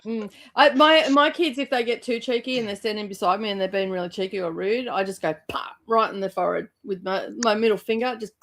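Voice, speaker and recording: A woman and mother chatting casually on a reading livestream, telling animated stories with frequent laughs and playful swearing. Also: medium pitch, fast, hardly any pauses, slight background noise. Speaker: co-host, mother.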